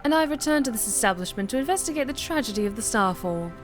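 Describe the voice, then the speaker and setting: A woman voicing a pompous, self-important female high cleric investigator, speaking formally and grandly. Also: lively intonation, fast talker, faint music behind, close to an everyday voice. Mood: formal, self-assured.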